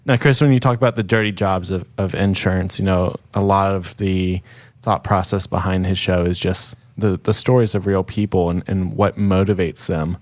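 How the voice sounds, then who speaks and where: A man hosting a podcast, reading a brisk scripted introduction. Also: low voice, fairly even intonation, no echo. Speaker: podcast host.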